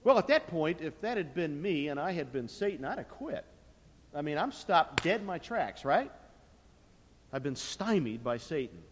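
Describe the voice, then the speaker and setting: A high-voiced man preaching a sermon, his delivery swinging widely in pitch and loudness for emphasis. His voice carries a long echo from a large church sanctuary. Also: very animated, normal speed, slight background noise. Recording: long reverb of a large hall.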